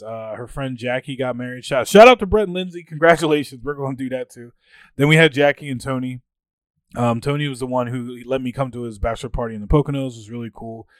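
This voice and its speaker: Lively young man telling party stories. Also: mid-range voice, no echo. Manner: animated storyteller, acts out quoted friends. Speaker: podcast co-host. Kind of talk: casual chat.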